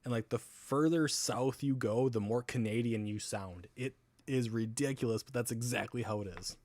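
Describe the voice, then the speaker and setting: A man's voice: medium pitch, moderate pace, a little mellow, no room sound. A man hosting a casual livestream, rambling between topics while answering viewer comments and laughing often. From US South. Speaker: livestream host.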